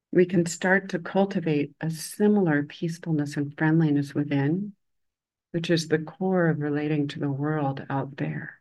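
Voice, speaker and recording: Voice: mid-range voice, a little mellow, low-quality recording. Reflective Buddhist teacher telling a story. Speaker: hospital chaplain and Buddhist teacher. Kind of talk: dharma talk with storytelling.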